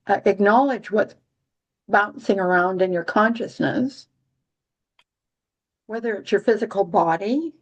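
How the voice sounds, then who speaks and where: A woman's voice: medium pitch, a little slow, pauses often. A woman hosting a casual astrology chat, rambling with many restarts and dry, giggly humor. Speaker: astrology podcast host.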